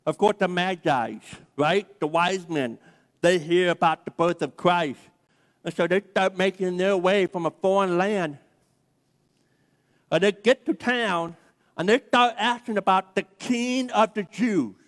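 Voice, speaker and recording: High-voiced preacher in a booming hall. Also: male voice, unhurried. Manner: lively, humorous storytelling with acted-out quotes. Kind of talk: sermon storytelling. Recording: long reverb of a large hall.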